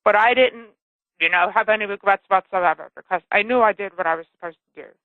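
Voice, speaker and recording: A woman's voice: mid-range voice, a little fast, no room sound. Earnest woman author on a phone line. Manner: earnest storyteller, checks in with "okay?". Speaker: author and guest. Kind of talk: phone interview, personal story. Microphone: telephone.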